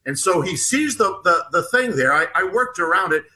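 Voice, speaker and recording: Bright, earnest man telling a story. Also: high voice, animated, low-quality recording. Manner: earnest, halting, retells dialogue. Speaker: author and guest. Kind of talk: storytelling in conversation.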